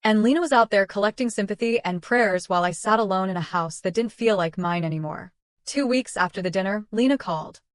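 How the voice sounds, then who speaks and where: A woman narrating a first-person story in a steady, even reading voice at a middle pitch. The recording is dry and close, with no room sound at all. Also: fairly quick, no room sound.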